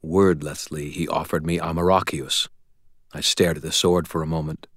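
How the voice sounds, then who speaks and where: A man reading a first-person audiobook in an even, understated manner. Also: very deep voice, moderate pace, dry recording, clean studio sound. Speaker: audiobook narrator.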